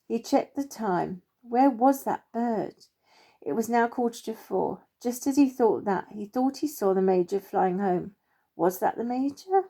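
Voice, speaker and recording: A woman narrating a children's story in a gentle, expressive read-aloud manner. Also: on the high side, unhurried.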